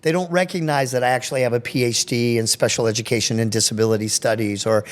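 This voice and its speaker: A man's voice: medium pitch, fast. A magician and special education researcher telling stories in an interview, acting out voices as he goes. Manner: animated storyteller, acts out children's voices. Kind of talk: storytelling interview.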